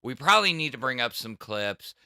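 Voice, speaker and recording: A man's voice: mid-range voice, big pitch swings, fairly quick, pushed and bright, smooth, no room sound, studio quality. A middle-aged man with a Southern US accent, chatting on a livestream and explaining technical things in a rambling way, full of restarts. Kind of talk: casual livestream chat.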